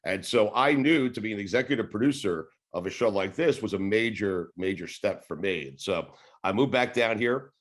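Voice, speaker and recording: A man in his forties with a New York accent tells stories in a loose, rambling way. His voice sits a little low, and he drops in the odd swear word and laugh. It sounds like casual podcast talk. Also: animated, normal speed. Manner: rambling, laid-back, swears and laughs while telling stories. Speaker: sports radio host, podcast guest. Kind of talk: casual interview storytelling.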